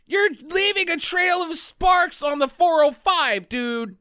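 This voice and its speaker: A man's voice: extremely high pitch, lively intonation, slow pace, pushed and bright, dry recording, clean studio sound. A man co-hosting a podcast, casually retelling movie scenes with jokes, mock voices and frequent laughter. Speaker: podcast co-host. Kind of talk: casual comedic movie review chat.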